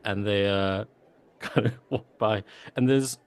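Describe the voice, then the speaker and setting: A man's voice: fairly low pitch, fairly even intonation, slow, clean tone, no room sound. A man describing his character as a player in a tabletop game, rambling and hedging with "sort of" and "like".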